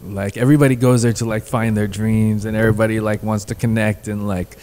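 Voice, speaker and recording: A man's voice: fairly low pitch, flat delivery, fairly quick, a little mellow. A laid-back man from California with a Californian accent, a guest in a casual podcast chat who says "dude" a lot. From San Diego, California. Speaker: guest musician.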